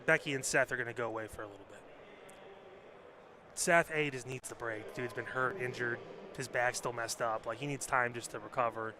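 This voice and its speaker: A man's voice: medium pitch, fairly even intonation, brisk, crowd noise. A man co-hosting a wrestling podcast in casual chat, blunt and swearing freely. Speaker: podcast co-host.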